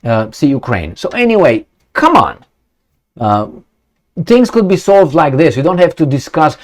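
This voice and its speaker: A man's voice: a little high, very animated. A man reading out a news story and commenting on it, blunt and sarcastic, swearing, asking rhetorical questions and stumbling through fillers and restarts. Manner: halting, many fillers and restarts.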